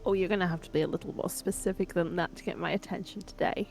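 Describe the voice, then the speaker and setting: A woman's voice: fairly low pitch, fairly even intonation, fast talker, gravelly, soft background music. Woman playing Naomi, guarded and dry. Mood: wary. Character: wary, guarded young woman adventurer. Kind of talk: voicing a tabletop game character.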